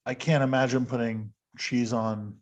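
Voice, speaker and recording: Male podcast host, mid-pitched, loose chatty delivery with frequent laughs. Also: steady tone, unhurried. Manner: rambling, self-deprecating, laughs often. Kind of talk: casual chat.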